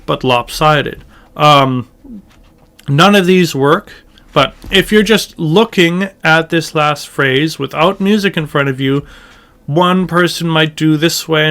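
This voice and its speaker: Guy teaching chant, talks slow, smooth clear voice, sings bits to show it. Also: fairly high pitch, fairly bright tone. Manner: thoughtful, slow, demonstrating chant phrases by singing. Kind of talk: informal music lesson with sung examples.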